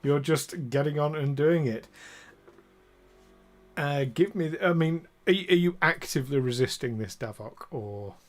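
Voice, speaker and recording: A man's voice: fairly high pitch, normal speed. A man running an online tabletop game as game master, chatty, laughing often and easily sidetracked.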